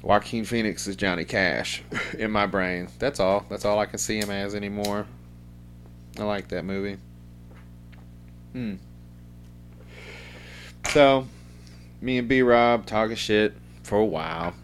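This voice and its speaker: Deep-voiced man rambling casually. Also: steady tone, measured pace, pauses often, a little hiss or hum. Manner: loose, profane, rambling. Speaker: podcast host. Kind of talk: casual podcast monologue.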